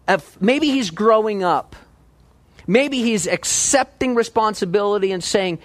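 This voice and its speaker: A man preaching a verse-by-verse sermon in a conversational, animated way, often asking his listeners questions. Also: high voice, measured pace, no room sound. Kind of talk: expository sermon.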